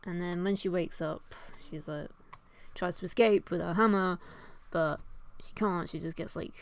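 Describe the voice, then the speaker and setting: A woman's voice: fairly low pitch, moderate pace. A young woman chatting casually while she draws, rambling, swearing often and laughing at herself as she retells an old story. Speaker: artist and vlogger. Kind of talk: casual chat while drawing.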